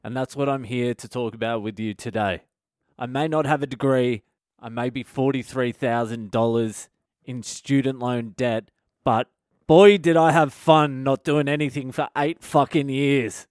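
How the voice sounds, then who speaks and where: A man's voice: mid-range voice, fairly even intonation, a little slow, smooth, dry recording, studio quality. A man, a comedian hosting his own podcast, delivering a sardonic comic monologue that is full of swearing and acted-out mock dialogues.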